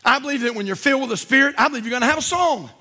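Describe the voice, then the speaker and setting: Fervent high-voiced preaching man. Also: very fast. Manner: fervent, swings between shouting and low asides. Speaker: pastor. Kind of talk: sermon. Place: church sanctuary.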